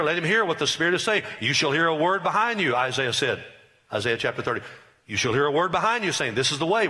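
Middle-aged male pastor, bright voice, folksy emphatic sermon with crowd calls. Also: a little high. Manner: folksy, joking, emphatic preaching with audience call-and-response.

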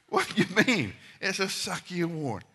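A middle-aged man preaching a sermon, telling stories and swinging from loud, quick asides to hushed, slow lines. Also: sits high, big pitch swings, breathy edge.

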